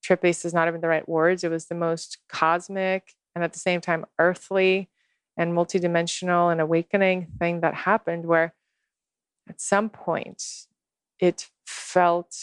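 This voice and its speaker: Woman guest, low-ish voice, earnest unhurried storyteller, dry close sound. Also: level tone, clear, resonant tone, no echo. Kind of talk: personal storytelling in conversation.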